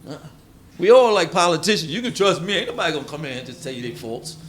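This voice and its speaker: A man's voice: on the high side, sing-song, fast, a bit bright. A man preaching a sermon on proverbs in a folksy, colloquial way, acting out everyday quotes.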